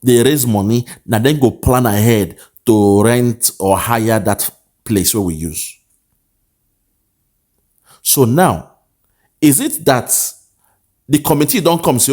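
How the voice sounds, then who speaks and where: A man's voice: medium pitch, lively intonation, slow pace, pauses often, darkish tone. A man with a Nigerian accent delivering a political commentary monologue, repeating his points in a preaching way and slipping into pidgin. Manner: repetitive rhetorical preaching, switches into pidgin. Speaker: online commentator.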